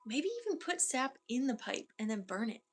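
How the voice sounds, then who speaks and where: A woman energy healer giving a channeled healing session, relaying spirit messages softly and leading a guided grounding through the body. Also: a little high, expressive, moderate pace, soft background music.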